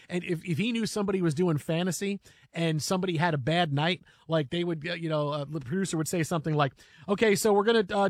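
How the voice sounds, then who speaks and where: A man talks sports in a casual, animated way, often stumbling and restarting mid-sentence. His voice sits a little high for a man. The sound is dry and close to the mic. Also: no room sound. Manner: animated storytelling with many restarts. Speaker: sports radio host.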